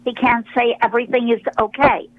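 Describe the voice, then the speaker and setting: A woman, a religious sister, chats on a radio program in a fairly high voice. She tells her stories in a rambling way, with fillers and restarts. The sound is dull and muffled, as if over a phone line. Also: flat delivery. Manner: rambling, warm storytelling with many pauses and fillers. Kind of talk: casual radio interview.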